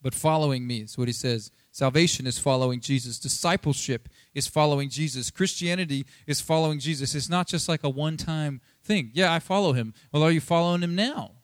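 Conversational man preaching with animated retellings. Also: on the high side, fairly quick, few pauses, no echo. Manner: conversational, animated, acts out quoted dialogue. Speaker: pastor. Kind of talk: sermon.

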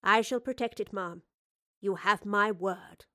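A woman doing a gentle, unhurried lady professor. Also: mid-range voice. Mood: earnest. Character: kindly, careful woman professor and inventor.

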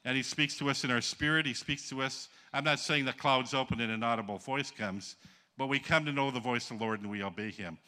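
This Upper Peninsula man preaches fairly quickly in a mid-range voice that sounds pushed and bright. Folksy in manner, he spins stories, kids with the congregation, and prompts them to answer back.

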